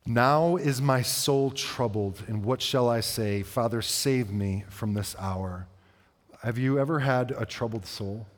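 A man's voice: medium pitch, slow. Man preaching in a reverberant hall. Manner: conversational, asks the congregation questions. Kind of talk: sermon reading and explaining scripture.

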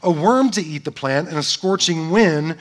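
Male pastor, slightly high voice, chatty and joking sermon style, keeps checking in with the congregation. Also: expressive, normal speed. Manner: conversational, often asks "right?" to the listeners; playful, joking asides.

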